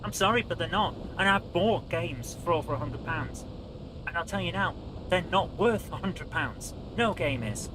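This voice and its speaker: A man's voice: fairly high pitch, lively intonation, normal speed, noisy background. A British man hosting a live stream, chatting casually and grumbling while he fiddles with his audio settings.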